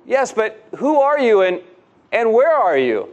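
A man's voice: very high voice, very animated, unhurried, highs cut off, pitched above the performer's own voice, heavily acted. A man voicing a panicked man hanging from a cliff branch, pleading and stammering. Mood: frantic pleading.

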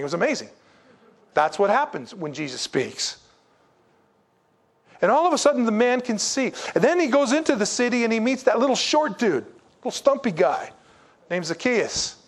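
High-voiced, joking male preacher. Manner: lively and joking, with sudden drops to low, quiet emphasis. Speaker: pastor. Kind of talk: sermon.

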